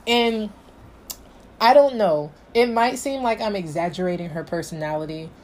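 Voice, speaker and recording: A young woman recounts a story in a casual vlog, bringing it to life by acting out what she said back then. Her pitch sits mid-range for a woman. Faint noise hums under the recording. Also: normal speed. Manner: animated storytelling, quoting her past self. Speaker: vlogger.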